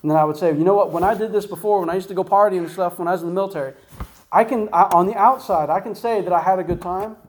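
A man's voice: high voice, racing, low-quality recording. A man giving an informal Bible teaching in a conversational way, often asking "right?" and "guess what?" to the listener. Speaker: preacher.

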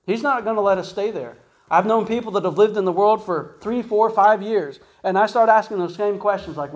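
A man preaching in a fairly high voice. He talks casually and keeps asking rhetorical questions as he teaches from the Bible. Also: a little fast, low-quality recording. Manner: conversational, asks rhetorical questions, says "right?" and "guess what?" often.

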